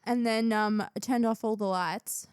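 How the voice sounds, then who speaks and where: A woman in her twenties co-hosting a podcast, chatting casually, animated, swearing often and laughing a lot. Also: medium pitch, a little slow, clear, resonant tone, no echo, clean studio sound. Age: 20s. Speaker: podcast co-host. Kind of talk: casual chat.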